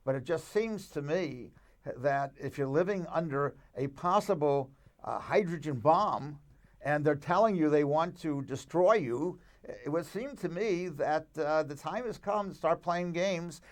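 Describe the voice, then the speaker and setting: A man's voice: a little high, unhurried. A man, a rabbi guest in a conversational interview, speaking emphatically and arguing with rhetorical questions.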